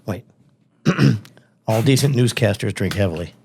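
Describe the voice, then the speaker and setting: A man's voice: lowish voice, expressive, a little slow, vocal fry, darkish tone, slight background noise. A man hosting a music podcast in casual chat, with playful, theatrical announcer bits. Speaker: podcast host.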